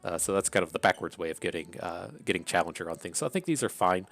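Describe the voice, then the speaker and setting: Low-voiced Appalachian man musing over picks. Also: quick pace. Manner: relaxed, thinking aloud with many fillers and restarts. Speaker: card game content creator. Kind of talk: casual draft commentary.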